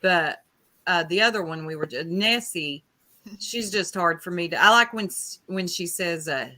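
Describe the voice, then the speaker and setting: A woman's voice: on the low side, normal speed, bright, forceful tone. A woman hosting a casual online panel chat, talking freely and laughing often. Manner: chatty, laughs often, says "y'all".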